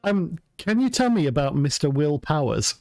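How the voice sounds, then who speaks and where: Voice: medium pitch, sing-song, normal speed, darkish tone. A co-host on a game livestream in casual chat, amused and prone to chuckling.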